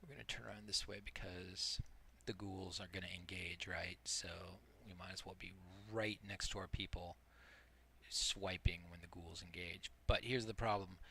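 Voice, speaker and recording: A man's voice: low-pitched, steady tone, normal speed, sharp tone, a little hiss or hum. A middle-aged man giving casual, rambling gameplay commentary as a streamer, explaining tactics as he plays and poking fun at himself. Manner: rambling, explains tactics while playing, self-deprecating. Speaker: multiboxing game streamer.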